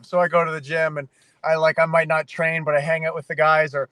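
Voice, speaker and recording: A Canadian man, a fighter guest on a podcast, telling animated, emotional stories in casual conversation. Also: a little high, fairly quick, no room sound, poor audio. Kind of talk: casual interview.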